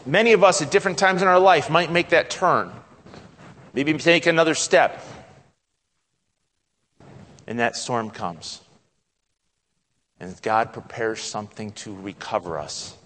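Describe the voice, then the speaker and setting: A man delivering a sermon in a church, his voice ringing with a long reverb. He swings from loud, climbing exclamations down to soft, hushed passages. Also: lively intonation, a little slow, long pauses. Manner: dramatic, acts out God's lines with rising pitch and volume; drops to a hushed, soft tone at solemn points. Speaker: preacher.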